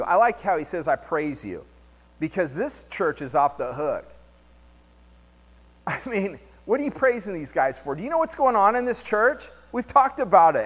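A man preaching a conversational sermon as pastor, lively and slangy, mixing scripture with everyday stories. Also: fairly high pitch. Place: church hall. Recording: long hall reverb.

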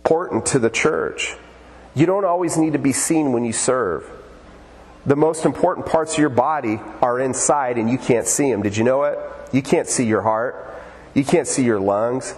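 A man pastor preaching a conversational sermon in a church sanctuary, animated and lively. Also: mid-range voice, normal speed. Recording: church hall with long reverb.

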